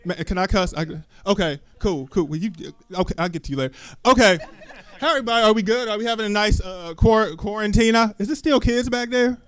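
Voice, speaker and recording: On a small comedy club stage, a stand-up comedian works a handheld mic, chatting loosely, cussing freely and firing lots of questions at the crowd. His voice is high-pitched, a little fast, a bit bright, clear and resonant, and the recording is dry.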